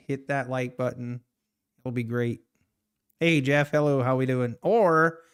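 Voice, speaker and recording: Man doing a hammy male streamer bit, a touch louder and higher, pushy about likes. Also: clean tone, lightly acted.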